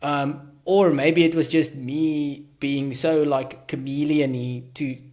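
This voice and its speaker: A man's voice: on the high side, level tone, slow, a little mellow. A man with a South African accent hosting a podcast, talking in a rambling, self-deprecating way with many restarts. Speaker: podcast host. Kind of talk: casual podcast conversation.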